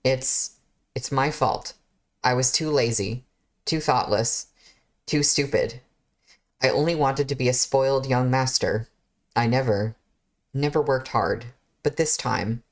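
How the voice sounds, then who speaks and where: A reader voicing a tearful, spoiled young male heir from a novel, speaking in a choked, halting way. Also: medium pitch, natural voice. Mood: choked remorse. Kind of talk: novel read-aloud.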